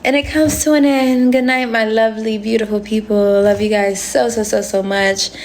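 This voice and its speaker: A woman's voice: on the high side, fairly even intonation, normal speed, a little mellow, slight background noise. A woman chatting casually to viewers on a phone livestream, rambling along and laughing often.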